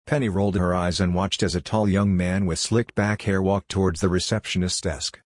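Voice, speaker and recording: Deep, husky male narrator. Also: fairly even intonation, normal speed, no echo, studio quality. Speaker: audiobook narrator. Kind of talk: steady story narration.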